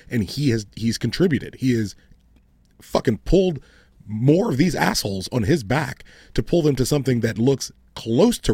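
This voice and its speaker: A man's voice: on the low side, a little mellow, husky, no room sound. A man co-hosting a casual sports podcast, blunt and profane, giving strong opinions. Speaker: podcast co-host.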